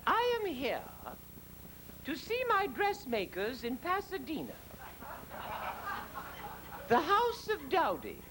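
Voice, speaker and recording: A man puts on a grand, catty older queen with a very high, swooping voice that leaps far up and down. She speaks slowly and imperiously, savoring each barb. A faint hiss sits under this live stage recording. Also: huge pitch swings, exaggerated voice. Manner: grand, imperious, camp, with sudden drops into a low voice. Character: haughty aging female queen, grand and catty. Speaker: drag comedian. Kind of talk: stand-up drag impression.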